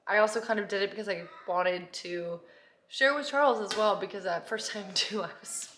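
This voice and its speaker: A woman vlogging in a rambling, chatty way, full of "like" and "um", sometimes dropping to hushed asides. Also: medium pitch, moderate pace. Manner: rambling and chatty, heavy use of "like" and "um". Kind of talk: casual confessional vlog. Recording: echoey room with background music.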